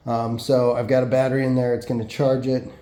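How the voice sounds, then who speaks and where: A man giving a relaxed, matter-of-fact hands-on walkthrough of a product he is reviewing. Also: medium pitch, brisk. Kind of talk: casual hands-on product demo. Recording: roomy echo, faint background noise.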